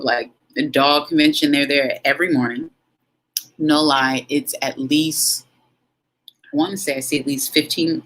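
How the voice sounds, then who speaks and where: Frank, animated woman telling a story. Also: deep voice, rough recording. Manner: frank and animated, with dramatic pauses and asides to viewers. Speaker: vlogger. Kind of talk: casual storytelling to camera.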